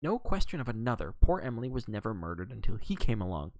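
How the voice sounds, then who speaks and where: Guy doing a gruff bossy english lady, clipped and snappy, kinda gravelly, read from a novel. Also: fairly low pitch, sing-song, fast talker, a little mellow, no echo. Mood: indignant. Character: gruff blunt middle-aged Englishwoman. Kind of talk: reading a novel aloud.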